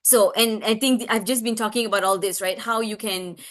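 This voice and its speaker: A woman speech therapist talks parents through a webinar at a mid-range pitch. She is chatty and keeps restarting her sentences with fillers, then slips into lively sing-song examples. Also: brisk.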